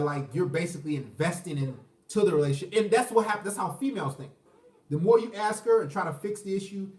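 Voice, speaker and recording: Crude high-voiced man ranting, mic set back. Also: darkish tone, reverberant, distant mic. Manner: crude, profane, acts out quoted dialogue. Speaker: vlogger. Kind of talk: casual rant to camera.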